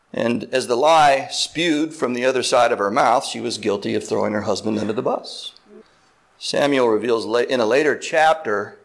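Male pastor, earnest sermon delivery, slows down for emphasis, mid-pitched voice. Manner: earnest, deliberate preaching with slow emphatic stretches; explains words step by step, asks listeners "right?".

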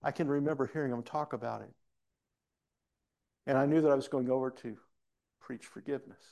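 A man's voice: mid-range voice, fairly even intonation, fairly quick, gravelly, warm tone. A male pastor preaching a sermon in a church, telling a story earnestly with frequent restarts.

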